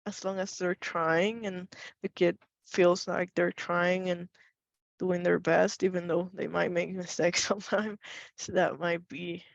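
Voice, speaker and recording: A woman's voice: on the low side, level tone, unhurried, vocal fry, dry recording. A woman facilitating a webinar over a video call, chatty and encouraging, with many affirming murmurs. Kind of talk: casual webinar discussion. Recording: dull, dry video call audio.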